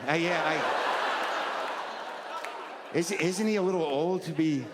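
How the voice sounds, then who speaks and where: A man in his sixties doing a stand-up routine, neurotic and self-deprecating, jumping into high mocking voices. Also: measured pace, very noisy. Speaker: stand-up comedian. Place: large comedy venue with live audience. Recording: roomy stage recording with crowd laughter.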